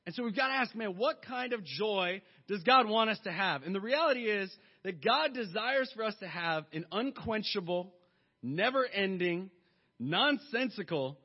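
A man in his thirties preaching a sermon, mixing jokes and lively stories into his message. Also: high voice, moderate pace, breathy edge. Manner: joking, lively storytelling. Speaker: pastor. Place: church hall. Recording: long hall reverb, dull sound.

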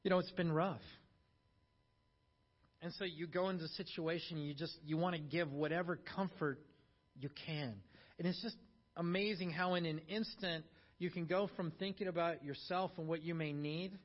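A man preaching a sermon, telling a story in a hushed low voice, then rising loud for emphasis. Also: moderate pace. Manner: storytelling, drops soft and low for quotes, rises loud for emphasis. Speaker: pastor. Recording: dull lo-fi sermon recording.

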